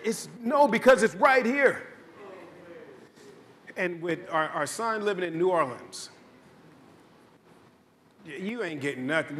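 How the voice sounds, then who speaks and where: A man's voice: on the high side, a bit bright. A male pastor preaching a sermon in a church, with a conversational, joking storytelling style and lots of repetition. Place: church sanctuary.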